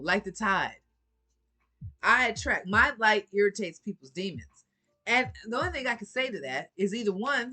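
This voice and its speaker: A woman's voice: a little high, sharp tone. A woman giving a casual motivational talk to her viewers, sassy and preachy, laughing often and swearing freely. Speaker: vlogger.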